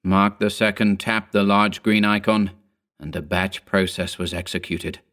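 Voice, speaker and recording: A man narrating his own written story in a measured, wry reading. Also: on the low side, flat delivery, fairly bright tone. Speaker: narrator and author.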